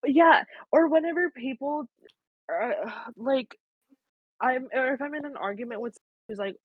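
A woman's voice: sits high, normal speed, breathy edge, no echo. A young woman co-hosting a casual podcast chat, talking candidly with lots of "like" and the odd swear word. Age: young adult. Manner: candid, swears freely, full of "like". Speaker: podcast co-host. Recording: dry, dull lo-fi sound.

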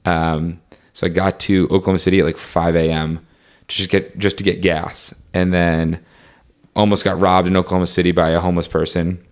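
Deep-voiced young man telling a rambling story. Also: flat delivery, a little fast. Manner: rambling, fillers like "like" and "um", reenacts dialogue. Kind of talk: casual conversational storytelling.

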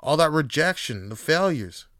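Male host, casual profane monologue, slightly high voice, dry close sound. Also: big pitch swings, moderate pace, a bit bright, no echo. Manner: loose, profane, laughing asides.

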